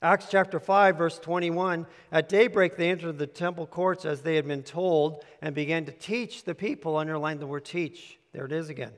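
A man's voice: a little high, normal speed, hardly any pauses. A man preaching a sermon with handouts, emphatic and repetitive, telling listeners to underline words. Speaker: pastor. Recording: long hall reverb.

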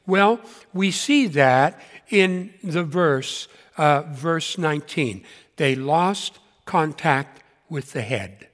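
A man's voice: on the high side, expressive, slow pace, a bit bright. A man in his seventies preaching a sermon in an earnest manner and repeating key points for emphasis. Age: 70s. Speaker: pastor. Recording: long hall reverb.

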